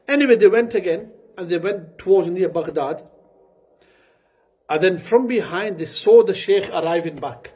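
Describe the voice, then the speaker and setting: A man preaching a sermon, telling a story earnestly and breaking into quick Arabic recitation. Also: sits high, a little mellow, slightly rough.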